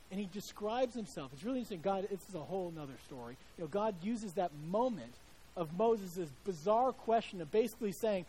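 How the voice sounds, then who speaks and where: A man's voice: high voice, lively intonation, fairly quick, dark tone, husky, rough recording. A male preacher giving a sermon in a conversational storytelling way, with frequent restarts.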